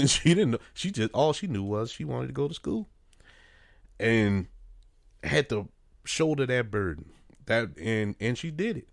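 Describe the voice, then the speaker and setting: A man's voice: medium pitch, sing-song, unhurried, creaky, long pauses, no echo. Earnest New man, dry studio. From New Orleans. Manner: conversational, many fillers, earnest. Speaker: radio host. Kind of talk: casual spoken commentary.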